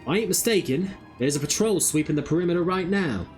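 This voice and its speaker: A man voicing a rough-spoken older male schemer with a folksy, put-on rustic drawl. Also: a little high, expressive, fast talker, faint music behind, pitched above the performer's own voice, lightly acted. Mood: scheming.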